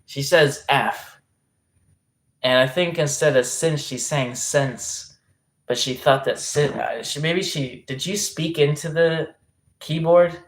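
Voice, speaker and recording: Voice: medium pitch, fairly even intonation, a little slow. Rambling, swearing livestreamer reading chat. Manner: rambling, self-interrupting, reacting to chat messages; swearing freely.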